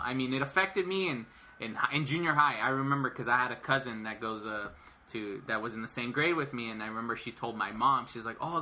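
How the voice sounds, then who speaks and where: A man's voice: mid-range voice, bright, forceful tone. A young man co-hosting a podcast in casual chat, rambling with lots of fillers and frequent laughs. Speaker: podcast co-host.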